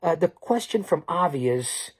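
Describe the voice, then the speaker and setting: A man's voice: fairly high pitch, animated, moderate pace, a little mellow, breathy edge. A man hosting a show on his own, recapping in a rambling, joking way and correcting himself as he goes. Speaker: show host. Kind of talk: solo recap of a talk show. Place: alone in a basement bunker.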